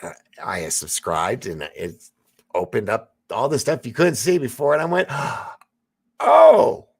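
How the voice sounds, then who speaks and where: A man's voice: mid-range voice, sing-song, normal speed, slightly rough, no echo. A man hosting a casual livestream, reading viewer comments aloud with a rambling, laughing manner and lots of fillers. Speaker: livestream host reading chat.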